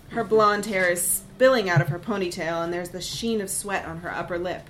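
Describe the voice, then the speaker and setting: A woman narrating a first-person literary story in a measured, reflective way. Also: medium pitch, animated, a little hiss or hum, low-quality recording.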